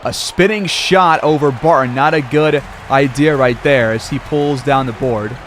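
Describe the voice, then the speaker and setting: A man's voice: mid-range voice, measured pace, a bit bright, slight background noise. A man calling a simulated basketball game play-by-play like a sportscaster, with casual asides. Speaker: gaming video creator.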